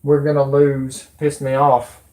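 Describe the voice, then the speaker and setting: A man's voice: medium pitch, completely flat delivery, unhurried, darkish tone, roomy sound. A man ranting to his viewers on a livestream, rambling and swearing freely, calling them folks and y'all. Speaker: conspiracy vlogger.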